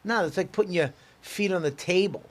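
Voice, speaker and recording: Blunt, profane podcast co-host. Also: male voice, sits high, brisk. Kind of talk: casual chat.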